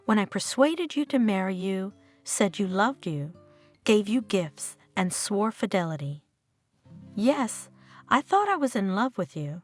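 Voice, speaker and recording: Short-tempered grown son and husband, resentful, voiced by a woman storyteller, animated. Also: medium pitch, measured pace, soft background music. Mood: bitter. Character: irritable married man, grown son.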